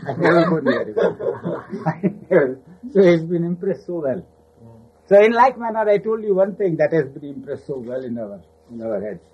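A man's voice: fairly high pitch, very animated, moderate pace, a little mellow, husky. An older man casually recounting memories of his spiritual teacher, rambling, laughing often and acting out the voices he quotes. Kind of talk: casual spoken reminiscence. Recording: muffled lo-fi recording.

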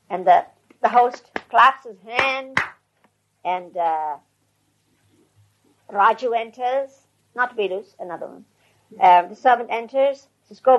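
Husky older woman telling a story. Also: on the high side. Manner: rambling, conversational, with restarts. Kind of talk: casual anecdotal storytelling. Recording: dull lo-fi recording.

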